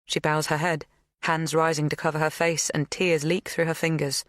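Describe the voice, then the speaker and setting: A woman voicing a tearful, pleading middle-aged woman in an audiobook, breathy and rushing her words. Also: sits low, flat delivery, no room sound, clean studio sound, close to an everyday voice.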